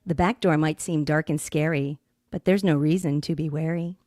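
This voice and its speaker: A woman's voice: deep voice, fairly even intonation, moderate pace, darkish tone, no room sound, clean studio sound. A woman co-hosting a podcast, reading listener-sent comic poems and breaking into laughter often. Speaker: podcast co-host.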